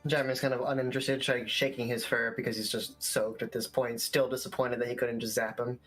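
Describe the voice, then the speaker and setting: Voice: medium pitch, flat delivery, fairly quick, fairly bright tone, faint music behind, poor audio. A player in a tabletop game who narrates a companion creature's antics with amusement. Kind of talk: casual tabletop play.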